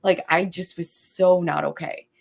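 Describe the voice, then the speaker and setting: A woman's voice: lowish voice, fairly even intonation, unhurried, creaky. A young adult woman in casual podcast conversation, telling her story with animation and acting out quoted lines.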